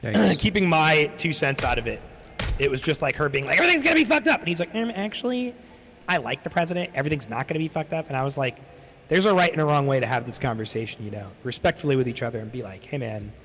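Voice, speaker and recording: This young streamer chats casually and fast in a mid-range, slightly bright voice, rambling through a story, swearing freely and performing what others said. The audio carries long reverb and faint background noise.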